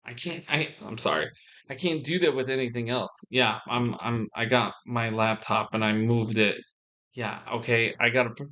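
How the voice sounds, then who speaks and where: A young male vlogger with a mid-range, bright voice speaks forcefully at a moderate pace, his intonation fairly even. He talks to his viewers in a rambling, casual monologue that meanders, restarts often, and includes the odd swear word.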